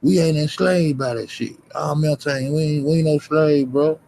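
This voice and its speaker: A man's voice: on the high side, fairly even intonation, fairly quick, vocal fry, warm tone, dry recording, low-quality recording. A man, ranting profanely and confrontationally at his livestream chat. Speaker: livestream host.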